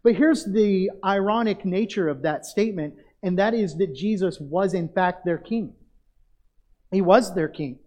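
A pastor preaching a sermon, addressing the congregation directly and drawing out key phrases for emphasis. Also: male voice, high-pitched, measured pace, darkish tone.

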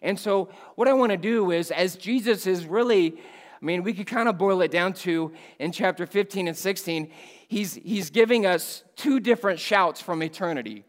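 A man preaching a sermon at a church missions conference, animated and emphatic, swinging from loud bursts down to low, quiet lines. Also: normal speed, big-room sound.

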